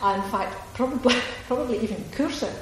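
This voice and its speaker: A chatty female author from Ayrshire, Scotland, answers an audience question at a reading, her fairly high voice moving at a fairly quick clip. She digresses, laughs often and speaks emphatically. The recording comes from an echoey hall with faint background noise.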